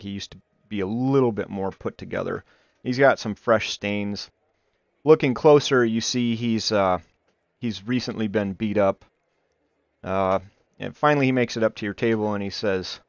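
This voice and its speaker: A man running a tabletop game, narrating scenes in a hesitant way full of fillers. His lowish voice is smooth and clear, but the recording sounds dull and dry. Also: no echo. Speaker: dungeon master.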